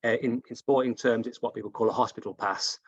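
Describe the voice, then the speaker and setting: A man takes part in an online workshop, setting out his point in a measured, explanatory way. His voice sits at a middle pitch. The video-call audio sounds dull and dry. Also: steady tone, husky, no room sound. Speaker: workshop participant.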